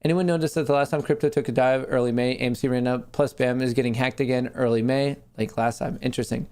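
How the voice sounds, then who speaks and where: A man's voice: medium pitch, fairly even intonation, fast talker, a little mellow, smooth. A man hosting a casual livestream, reading viewer messages aloud and answering them off the cuff. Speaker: host.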